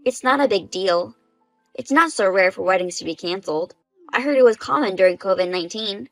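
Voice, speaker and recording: A woman's voice: mid-range voice, lively intonation, brisk, no echo, faint music behind, lightly acted, low-quality recording. A woman voicing a shameless young bride-to-be who stays smug and unbothered.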